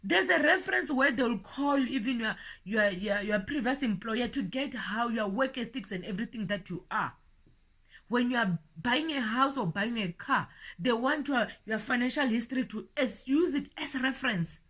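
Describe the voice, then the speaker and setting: A middle-aged woman preaching an informal sermon, earnest, often repeating words, building to emphatic peaks and then dropping soft. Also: fairly high pitch, animated, moderate pace.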